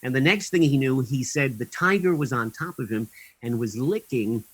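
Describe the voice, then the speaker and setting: A man's voice: medium pitch, expressive, moderate pace, breathy edge, poor audio. Chuckling man telling a rambling anecdote. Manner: rambling, with many ums and chuckles. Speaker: guest. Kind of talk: anecdotal interview storytelling.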